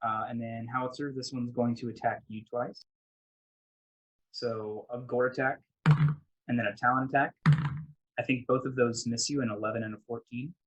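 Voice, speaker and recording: Husky-voiced man running a tabletop game. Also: mid-range voice, normal speed, long pauses, rough recording. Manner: relaxed, with frequent fillers and rephrasing. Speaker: game master.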